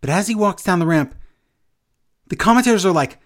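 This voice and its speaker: A man casually recapping wrestling events for a co-host, acting out quotes with big jumps in his voice. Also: a little fast. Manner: animated storyteller, acts out quotes with big pitch jumps. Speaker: podcast co-host.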